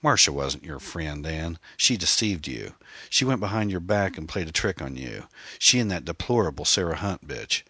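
A menacing male killer hisses and mocks in a hillbilly twang, as a man reads him. The voice is low and husky, pushed with a forceful edge. It is dry and close, like a studio audiobook. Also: expressive, normal speed, hardly any pauses, no room sound, heavily acted. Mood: sneering. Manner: hissing, taunting, hillbilly twang. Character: menacing male serial killer, sneering and leering.

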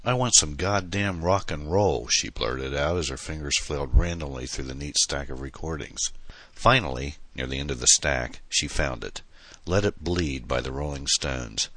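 A man's voice: very deep voice, moderate pace, pushed and bright, dry recording. A man reading a novel aloud in dramatic, tense scripted narration. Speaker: audiobook narrator.

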